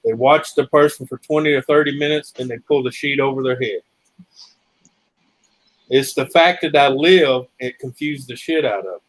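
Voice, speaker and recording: A man's voice: mid-range voice, normal speed, no room sound, poor audio. A man hosting a casual chat, telling long rambling stories and swearing freely. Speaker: host.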